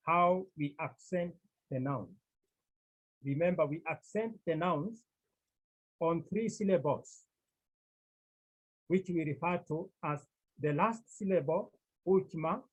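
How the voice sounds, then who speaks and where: A man teaching a Greek class, explaining slowly and repeating key phrases for his students. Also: fairly high pitch, husky, rough recording. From Cameroon. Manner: slow, repetitive explaining. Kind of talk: classroom lecture.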